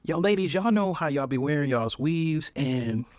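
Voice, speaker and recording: A man telling a dating story casually to his viewers, animated and slangy, coming back again and again to the same punchline. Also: a little high, normal speed, no echo.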